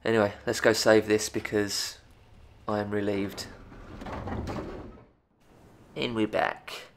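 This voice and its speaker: Gravelly Essex man, slow gaming chat. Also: lowish voice, background noise. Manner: chatty, excitable, talks to viewers. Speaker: gaming YouTuber. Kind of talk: let's play commentary.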